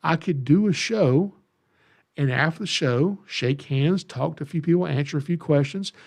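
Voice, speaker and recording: Gravelly Southern man telling stories. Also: a little high, normal speed, darkish tone. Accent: Southern US (Georgia). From Georgia, USA. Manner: folksy, self-deprecating, repeats phrases. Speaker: podcast host, snake educator. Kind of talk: casual storytelling monologue.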